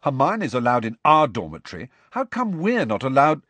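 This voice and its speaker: Casting: man reading an indignant gangly schoolboy, husky, lively swings in pitch. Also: moderate pace, no echo. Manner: blunt, eager, indignant. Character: excitable gangly teenage schoolboy. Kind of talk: audiobook character voice.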